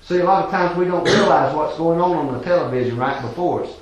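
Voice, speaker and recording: A man preaching a folksy, fervent sermon that swings from quiet talk to hollering. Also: fairly high pitch, fast, muffled recording. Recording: very echoey church room.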